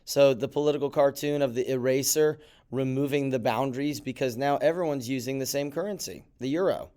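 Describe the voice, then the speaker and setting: Animated, clear-voiced male teacher. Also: medium pitch, fairly quick. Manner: animated, mock-surprised asides. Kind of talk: classroom lecture video.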